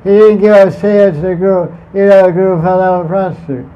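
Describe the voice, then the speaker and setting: A man's voice: high voice, steady tone, fast talker. A man telling a devotional story as a spiritual teacher. He rambles, chuckles and restarts his sentences often. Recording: muffled lo-fi recording.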